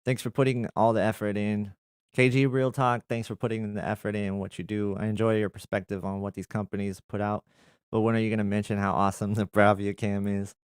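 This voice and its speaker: A young adult man talks loosely through viewer comments, circling back with plenty of ums and likes. His voice sits a little low and comes across smooth and resonant. The sound is dry and close, with no room around it. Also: flat delivery, a little fast, no echo. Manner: conversational, reads comments aloud then rambles with fillers. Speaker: tech channel host answering viewer comments. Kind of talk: casual live chat.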